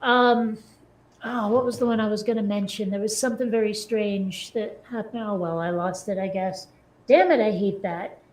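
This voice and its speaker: A woman's voice: mid-range voice, fairly even intonation, normal speed, darkish tone, reverberant. A woman in casual chat with a wry, self-deprecating manner.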